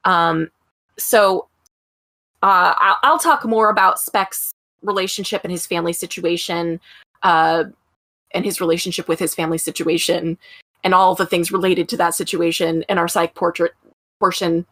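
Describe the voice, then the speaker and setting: A woman hosting a casual true-crime podcast, talking in a chatty, profane way full of ums. Her voice sits a little low, and the recording is dry and close. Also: fairly even intonation, moderate pace, a bit bright, dry recording. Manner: chatty, profane, laughing asides, many ums. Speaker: podcast host.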